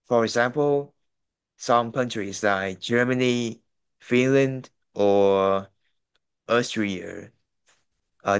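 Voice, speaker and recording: Slow, very smooth-voiced male student. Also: on the low side. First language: Vietnamese. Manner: hesitant, many fillers and restarts. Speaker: IELTS student. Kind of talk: practice exam answer.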